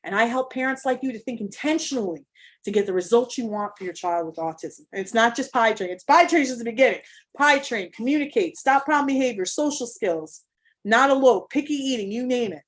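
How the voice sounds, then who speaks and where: A woman's voice: fairly high pitch, expressive, fast. A woman coach giving a live online workshop, emphatic and motivational, with casual swearing, speaking into a video call mic. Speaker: parent coach running a workshop.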